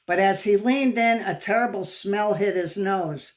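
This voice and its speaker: Slow-reading woman storyteller. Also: mid-range voice. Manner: engaging, asks the kids questions. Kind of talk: reading a picture book aloud to children.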